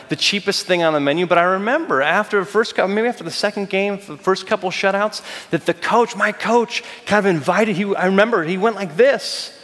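A man preaching a sermon, telling a personal story with lively acted-out quotes. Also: high voice, long reverb tail. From United States. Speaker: pastor.

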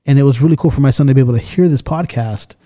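A man's voice: medium pitch, rapid-fire, warm tone. A man hosting a podcast in casual chat, loose and swearing often as he tells stories and acts out the people in them. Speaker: podcast host.

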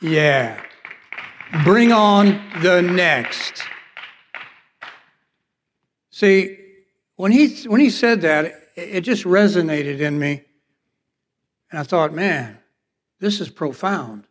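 A man's voice: a little high, animated, slow, long pauses. Man preaching a storytelling sermon in a reverberant hall. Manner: storytelling, acts out quoted dialogue. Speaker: pastor. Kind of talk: sermon with personal testimony. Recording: long reverb of a large hall.

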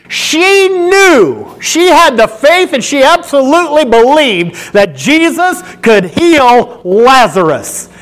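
A male pastor preaching a sermon with animated, emphatic storytelling. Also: high-pitched.

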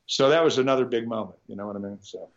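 A man's voice: medium pitch, fast talker, dull audio. A man from Nebraska, a guitarist, telling rambling stories in a casual interview, with many restarts and the occasional swear word. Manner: rambling, animated anecdotes with frequent restarts and swearing. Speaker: guitarist guest.

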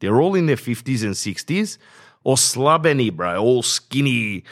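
A man's voice: medium pitch, big pitch swings, unhurried. A man hosting a podcast, rambling casually in slang and saying bro a lot. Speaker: podcast host. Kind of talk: casual rambling monologue with ad read.

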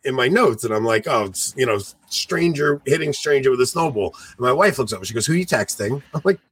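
A man in his forties co-hosting a podcast, telling stories in a lively, animated way and acting out what people said. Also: mid-range voice, a little fast, husky. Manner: animated storyteller, acts out quoted voices. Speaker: podcast co-host. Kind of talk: casual chat.

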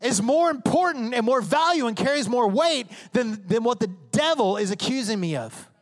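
A high, bright-voiced pastor preaches expressively at a normal pace, the sound filling a reverberant sanctuary hall. Emphatic and conversational, his sermon dips into the voices and prayers of the congregation.

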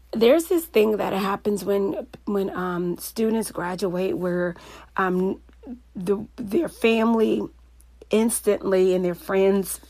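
A woman coach giving a motivational talk, telling stories in a lively, anecdotal way and laughing often. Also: mid-range voice, dry recording.

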